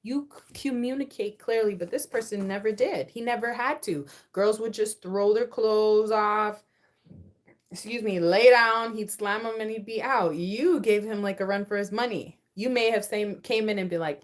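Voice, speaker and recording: A young woman giving a casual collective tarot reading. She is slangy and playful, and her voice swings between low and high. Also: moderate pace. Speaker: tarot card reader.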